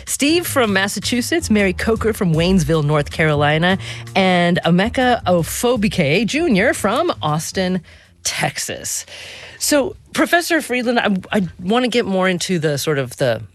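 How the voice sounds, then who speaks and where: A woman's voice: lowish voice, sing-song, normal speed, few pauses. A woman hosting a radio interview, phrasing her questions in a thoughtful, searching way. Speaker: radio host. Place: radio studio.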